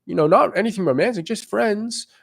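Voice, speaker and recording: A man putting on a meek, squeaky nervous guy. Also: brisk, vocal fry. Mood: meek, flustered. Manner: timid, high and hesitant. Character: meek nervous young man making a flimsy excuse.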